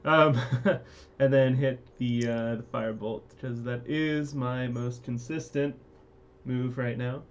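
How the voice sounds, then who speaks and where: A man playing in a tabletop game, speaking in a relaxed and hesitant way with fillers. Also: mid-range voice, slow pace. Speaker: player. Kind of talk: casual play at a tabletop game. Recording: dull lo-fi mic, faint keyboard typing.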